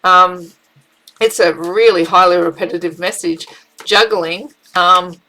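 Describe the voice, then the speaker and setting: A woman with a somewhat low voice gives a casual, chatty tarot reading. She talks in an animated, conversational way and keeps looping back with fillers and restarts as she moves from card to card. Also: unhurried, rough recording. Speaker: tarot reader.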